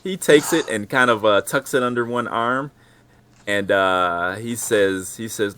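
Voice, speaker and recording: A deep-voiced man narrates as game master, his tone bright and forward. He pauses often and fills the gaps with "uh", and now and then slips into a gruff captain's lines. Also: no room sound. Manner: hesitant, many fillers, voices a gruff ship captain in quotes.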